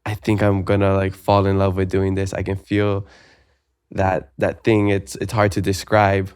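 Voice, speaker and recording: A man's voice: low voice, monotone, moderate pace, darkish tone, clear, resonant tone, dry recording, studio quality. A male podcast host talking casually and thoughtfully, often restarting his sentences. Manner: thoughtful, hesitant, with many restarts. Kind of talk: casual conversation.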